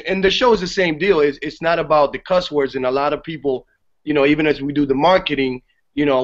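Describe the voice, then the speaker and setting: A man guesting on a podcast, talking about a play in casual, animated chat and swearing freely. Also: fairly high pitch, quick pace. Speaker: theater guest. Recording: dull lo-fi podcast audio.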